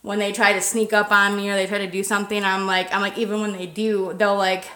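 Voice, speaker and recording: A woman's voice: medium pitch, little pitch movement, quick pace, a bit bright, reverberant. A woman in her thirties hosting a paranormal livestream outdoors at night, chatting loosely with viewers and swearing freely. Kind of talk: casual livestream chat.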